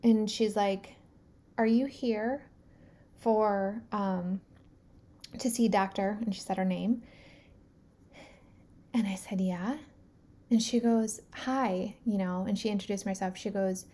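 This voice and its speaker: Woman, 30s, mellow voice, storytelling host who acts out the quotes. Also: medium pitch, takes it slowly, pauses often. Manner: animated, filler-heavy retelling with acted-out quotes. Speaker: podcast host. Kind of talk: personal storytelling.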